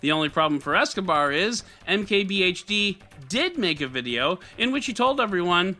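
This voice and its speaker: A man hosts a tech news podcast in a wry, sarcastic tone, his read full of animation. His voice sits fairly high and sounds very bright, with big swings in pitch. Faint music plays underneath. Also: expressive, moderate pace, hardly any pauses. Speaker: podcast host.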